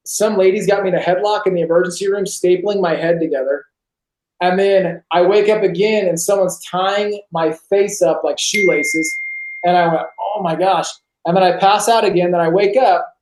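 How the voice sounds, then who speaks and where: A man, a podcast guest on a video call, telling a personal story in an animated way and acting out the voices of others. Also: high voice. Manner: animated, acts out quoted voices. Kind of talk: storytelling testimony. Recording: roomy echo on a video call.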